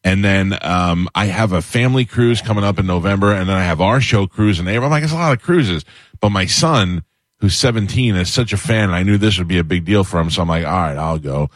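Blunt, low-voiced man hosting radio. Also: fairly quick, no echo. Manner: chatty storyteller, blunt and grudge-holding. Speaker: radio host. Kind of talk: casual radio interview chat. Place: radio studio.

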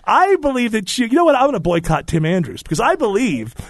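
A man's voice: sits high, wildly swooping pitch, fast, no echo, clean studio sound. A man hosting a talk podcast, talking with passion and preaching his opinions with strong emphasis. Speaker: host.

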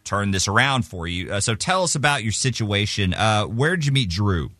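A man's voice: lowish voice, lively intonation, normal speed, fairly bright tone, dry recording, faint music behind. A man co-hosting a morning radio show, asking playful, teasing questions of a caller. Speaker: radio co-host.

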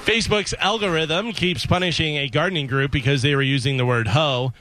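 A man's voice: a little high, fairly quick, bright, forceful tone, soft background music. A man hosting a radio comedy segment, teasing his co-hosts and reading jokes. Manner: runs the segment, teases co-hosts. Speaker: radio show host. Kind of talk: joking banter.

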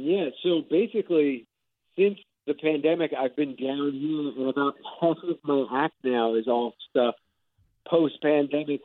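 A man's voice: mid-range voice, no room sound. A male comedian in his thirties on a tinny, phone-like line. He talks in an easygoing, joking way with some stumbles. The sound is dry, with no room around it. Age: 30s. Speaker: stand-up comedian guest. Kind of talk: casual radio interview chat.

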